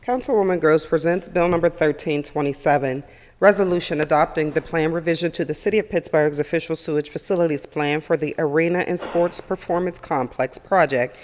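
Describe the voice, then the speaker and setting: A woman clerk reads a bill aloud in a formal, even delivery. Her voice is unusually deep for a woman. The chamber adds long reverb over a faint hiss. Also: brisk. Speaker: council clerk. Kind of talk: reading legislation aloud.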